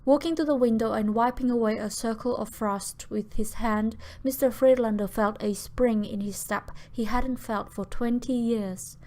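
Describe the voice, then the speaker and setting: A woman narrating an audiobook in an expressive, measured reading voice. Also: fairly high pitch.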